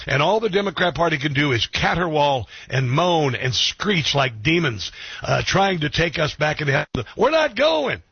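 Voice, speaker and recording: A man's voice: a little high, slightly rough, dull audio. A male talk radio host giving opinionated commentary, mocking in tone and echoing guests' words back.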